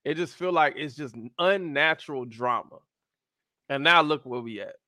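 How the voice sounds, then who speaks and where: A man with co-hosts a casual podcast, his voice high and bright. He talks in an animated way, swooping around with lots of laughter, and the sound is close and dry. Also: normal speed, dry recording. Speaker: podcast co-host. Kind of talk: casual chat.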